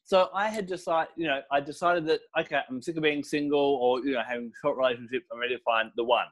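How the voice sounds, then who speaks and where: A middle-aged man speaks in a relaxed, storytelling way during an interview. His voice sits at an ordinary middle pitch for a man. He explains things patiently, with a few "um"s and "you know"s along the way. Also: fast. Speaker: crystal and essential oil teacher, guest. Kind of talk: casual interview talk.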